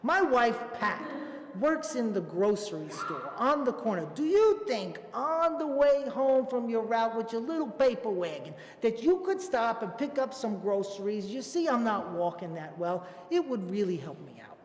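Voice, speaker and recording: A man's voice: very high-pitched, sing-song, moderate pace, a little hiss or hum. A man voicing a big neighbor with a limp, politely asking a favor. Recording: echoey theater hall.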